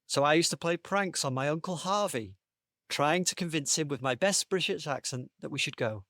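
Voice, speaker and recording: A man on a podcast panel reading out a comic made-up story, with a playful, deadpan delivery. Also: on the high side, moderate pace, no room sound, studio quality.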